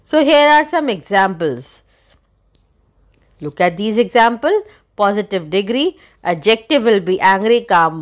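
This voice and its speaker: Woman teacher, unhurried delivery, patient explaining to students. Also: medium pitch. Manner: slow, careful explaining, spelling out letters. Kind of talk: recorded grammar lesson.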